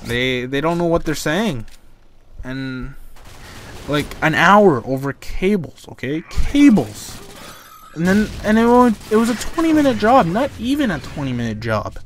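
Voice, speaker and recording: A man's voice: on the high side, big pitch swings, measured pace, a little hiss or hum. A young man from Canada, telling a rambling, exasperated story over gameplay commentary. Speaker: gaming YouTuber.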